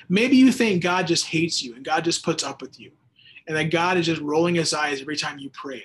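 Man preaching in a slightly high voice. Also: fairly quick, slight background noise. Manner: conversational, with bursts of emphatic preaching. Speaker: host and Bible teacher. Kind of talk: radio Bible teaching with listener texts.

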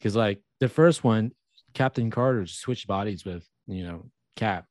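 A man's voice: fairly low pitch, a little slow, a little mellow, no echo. A man co-hosting a podcast in casual chat, laid-back and easygoing. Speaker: podcast co-host.

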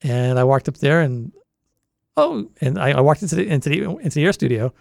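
Animated and brisk, with a gravelly, rather high voice, a Boston-area man in his sixties tells the meandering story of his years volunteering at a college radio station, frequently starting over. The oral history interview is recorded in clean studio sound without room noise.

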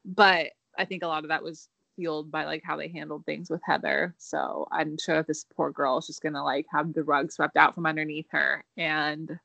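A woman's voice: low-pitched, flat delivery, moderate pace, vocal fry, hardly any pauses, bright, forceful tone, no room sound. A young woman co-hosting a casual chat, musing aloud and trailing off as she thinks. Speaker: podcast co-host.

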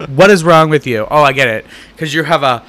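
A man's voice: a little high, brisk. A man co-hosting a podcast in casual chat, joking sarcastically and reacting with big exclamations. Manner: animated, sarcastic, jokey. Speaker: podcast co-host.

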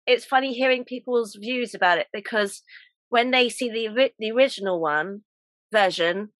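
English lady host, chatty, laughs a lot, bright voice, dry close sound. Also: a little high, moderate pace, no room sound. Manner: chatty and laughing, with many fillers and restarts. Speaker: podcast host. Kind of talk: casual chat.

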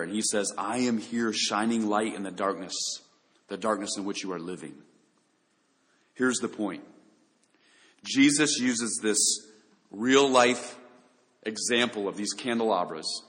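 A man's voice: lowish voice, a bit bright. Preaching man in an echoing hall. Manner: earnest preaching with rhetorical questions and direct address. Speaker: pastor. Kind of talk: sermon.

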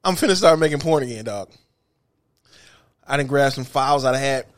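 Chatting casually as a podcast co-host, a middle-aged man tells animated stories packed with profanity and filler words. His voice is mid-range and his pace moderate.

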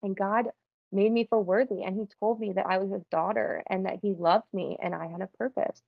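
Gravelly young woman sharing her testimony. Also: medium pitch, steady tone, fairly quick, dry recording, phone-quality sound. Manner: casual, earnest, uses "like" often. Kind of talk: personal testimony.

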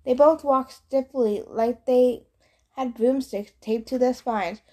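Brief: woman audiobook reader, slightly high voice, easygoing first-person narration. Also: slow, mellow. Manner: casual first-person storytelling. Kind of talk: scripted narration.

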